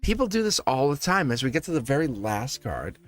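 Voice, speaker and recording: A man's voice: mid-range voice, sing-song, brisk, faint music behind. A man giving a live tarot reading to his viewers, talking animatedly, acting out quoted voices and laughing often. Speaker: tarot reader.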